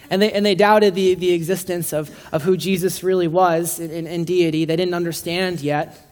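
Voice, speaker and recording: In a room with a live congregation, a preacher gives a casual, joking sermon in a steady, slightly mellow, medium-pitched voice at normal speed. He often stumbles and restarts his phrases.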